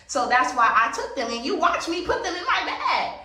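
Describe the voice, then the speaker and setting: A woman with a bright, forceful, somewhat high voice tells a story casually while getting ready. She talks bluntly and emphatically and swears freely. The sound bounces around a very echoey room, and she sits back from the mic. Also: animated, normal speed, few pauses, distant mic. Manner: blunt, profane, emphatic retelling. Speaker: vlogger.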